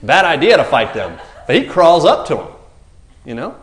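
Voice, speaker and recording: A man gives a loose, conversational sermon, his pitch swinging widely as he jokes and acts out the characters in the story. The sound rings in an echoey room. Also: moderate pace. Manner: animated, jokey, acts out characters with raised voices. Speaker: preacher. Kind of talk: casual sermon.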